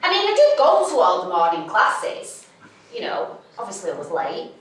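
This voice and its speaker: A woman's voice: medium pitch, huge pitch swings, normal speed. A young woman with a Mancunian accent tells a comic stage story, blunt, sweary and self-mocking. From Manchester, England. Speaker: stand-up storyteller. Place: theatre stage. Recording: echoey theatre from a distance.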